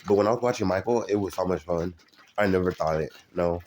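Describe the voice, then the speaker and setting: Man, very deep voice, live streamer, casual chat, halting, lots of fillers. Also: darkish tone, slight background noise. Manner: halting, many fillers and restarts.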